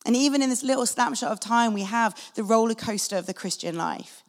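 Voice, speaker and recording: A woman's voice: fairly high pitch, a little fast. A woman preaching a sermon in an earnest, conversational way, acting out short quotes, recorded in a church hall. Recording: long reverb of a large hall.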